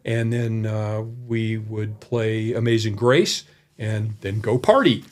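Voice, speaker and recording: A man's voice: fairly low pitch, slow. A man who is a guest on a podcast, telling a long, folksy story full of asides from an indoor room. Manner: rambling and folksy, with many asides. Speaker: college development director, podcast guest. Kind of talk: anecdotal storytelling in a conversation.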